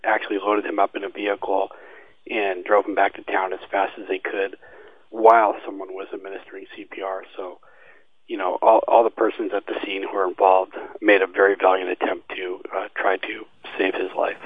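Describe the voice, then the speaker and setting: A police detective speaking factually with fillers, heard over a tinny phone line. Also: male voice, low voice, little pitch movement, a little fast, no echo. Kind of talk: interview soundbite.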